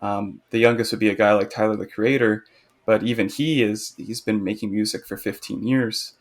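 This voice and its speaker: Gravelly man chatting on a podcast. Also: on the low side, fairly even intonation, moderate pace. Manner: opinionated, talkative, teasing. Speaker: podcast co-host. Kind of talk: casual chat.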